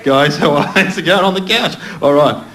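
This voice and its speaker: A man's voice: on the high side, a little fast. A man with an Australian accent doing rambling, self-mocking stand-up comedy and crowd work on a TV studio stage. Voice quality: rambling, chatty, self-mocking, laughing at his own lines. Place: TV studio stage with live audience.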